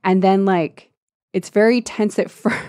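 A woman's voice: medium pitch, steady tone, unhurried, dark tone. A woman co-hosting a podcast in casual chat, sarcastic, laughing often and swearing freely. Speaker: podcast co-host.

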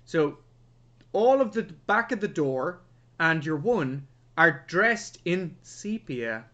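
A man co-hosting a casual film review podcast, animated and quick to act out scenes in mock voices. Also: fairly high pitch, muffled recording. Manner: animated, acts out lines in mock voices, sweary banter. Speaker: podcast co-host.

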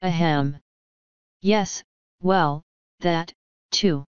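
A woman's voice: on the low side, drawn-out words, clear, resonant tone, no echo. A woman voicing an elegant, theatrical female pony with a refined, airy manner. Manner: airy, refined, says darling. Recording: dull lo-fi dry recording.

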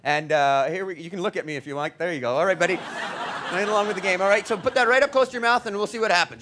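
A man hosting live comedy, working the crowd with energetic, hyped improv. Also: high voice, very fast. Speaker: comedian host. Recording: live stage with faint crowd and noise.

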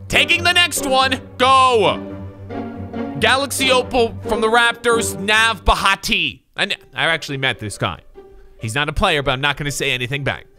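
A young gaming commentator with a high voice that leaps all over the place. He talks in a loud, sarcastic way, jumping from yelps to low mutters. Music plays clearly under him. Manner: loud, animated and sarcastic, swinging between shouts and mutters. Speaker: gaming YouTuber. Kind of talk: video game commentary.

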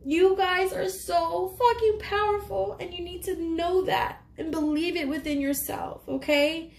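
A woman's voice: very high-pitched, fairly even intonation, unhurried, roomy sound, slight background noise. A woman giving a casual, emotional tarot reading to camera, choked up and swearing casually. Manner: chatty, emotional, swears casually, keeps saying "you guys". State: choked up, near tears. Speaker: tarot reader.

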